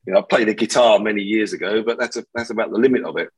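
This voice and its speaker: A man's voice: on the low side, steady tone, very fast, slightly rough, poor audio. A man, a podcast guest, chatting casually and telling funny anecdotes, laughing often. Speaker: podcast guest, removals business owner. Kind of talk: casual storytelling chat.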